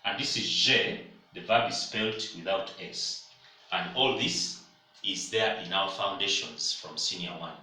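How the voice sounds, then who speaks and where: A male teacher speaks slowly and patiently, laying out each point with examples. His voice is bright and crisp, with a lowish pitch. He is heard from a distance in a very echoey classroom. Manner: patient, explains step by step with examples. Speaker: French teacher. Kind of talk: classroom lesson. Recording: echoey room, distant mic.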